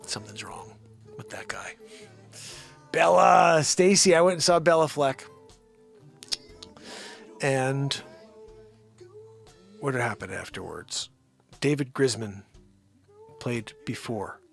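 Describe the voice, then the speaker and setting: A man's voice: mid-range voice, expressive, slow pace, gravelly, long pauses, soft background music. A man hosting a daily live comedy stream from home, rambling loosely, scolding his dogs and calling out viewers' names.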